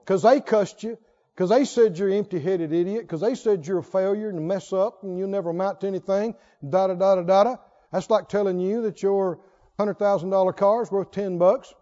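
A male pastor preaching to a congregation, animated, often laughing and firing rhetorical questions at the audience. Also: high voice, fairly quick. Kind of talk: sermon. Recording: dull lo-fi recording.

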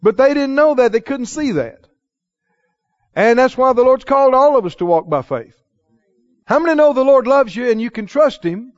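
A man with a high-pitched voice preaches to his congregation, pressing his points and asking them to answer back. He slows right down on the phrases he wants to land and acts out the scripture dialogue in quoted voices. The recording sounds dull and lo-fi. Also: animated. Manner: emphatic, call-and-response with the congregation. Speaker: pastor. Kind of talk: sermon. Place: church.

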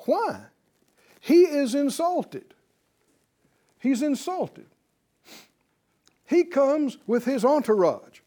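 A man teaching a Bible class, telling the story in an animated way and chuckling often. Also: extremely high pitch, extremely slow, long pauses.

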